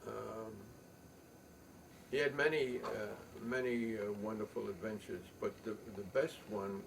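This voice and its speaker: An older man telling a long rambling story, halting with many ums and restarts. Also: lowish voice, level tone, vocal fry. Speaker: poet and storyteller. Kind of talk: rambling spoken reminiscence. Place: home loft. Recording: distant mic, faint room noise.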